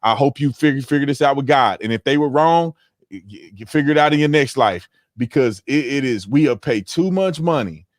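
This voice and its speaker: A man's voice: mid-range voice, fairly quick, no echo, studio quality. A man hosting a casual panel livestream, telling stories with slang and acting out what people said. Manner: animated storytelling, slangy, acts out quotes. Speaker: host.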